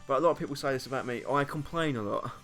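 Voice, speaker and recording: This young British YouTuber speaks rapid-fire in a mid-range, fairly bright voice, with soft music behind him. Chatting casually to camera, he rambles and mocks himself, frequently laughing between thoughts.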